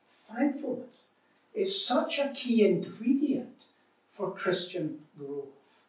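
A man preaching a sermon in an earnest, emphatic way, swinging between loud and soft. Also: high-pitched, sing-song, slow pace, pauses often. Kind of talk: sermon with read-aloud story. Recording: echoey hall, speaker far from mic.

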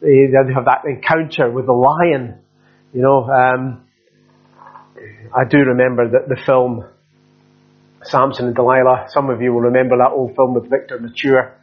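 Husky-voiced preacher, lo-fi recording. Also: male voice, medium pitch, flat delivery, normal speed, long pauses. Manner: conversational, with many fillers and restarts. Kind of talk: expository sermon. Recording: dull lo-fi sound.

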